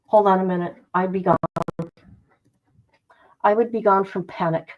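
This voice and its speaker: A woman's voice: mid-range voice, steady tone, a little slow, pauses often, dull audio. A woman hosting a casual livestream, dramatic and exclamatory, talking to herself and her chat. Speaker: livestream host. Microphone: no headphones, device mic.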